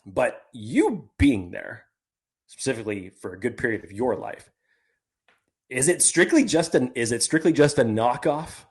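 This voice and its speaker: A man's voice: mid-range voice, expressive, unhurried. Rambling man co-hosting a sports podcast. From California. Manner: rambling, self-interrupting. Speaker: podcast co-host. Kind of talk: casual sports podcast chat.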